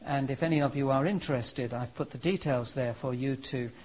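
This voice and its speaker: A man's voice: mid-range voice, fairly quick, a little mellow, poor audio. A man giving a historical lecture, telling the story earnestly and with emphasis. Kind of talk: historical lecture with dramatic readings.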